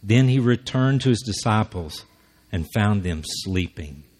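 A man gives a sermon in a relaxed, conversational way. He slips into the people he quotes and acts out their lines. His voice sits a little low and sounds husky. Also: measured pace. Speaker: preacher.

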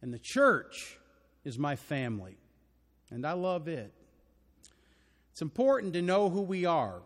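Older Texan preacher in a reverberant hall. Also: male voice, on the high side, sing-song, unhurried. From Texas. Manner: earnest, emphatic, building to loud declarations. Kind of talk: sermon. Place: church auditorium.

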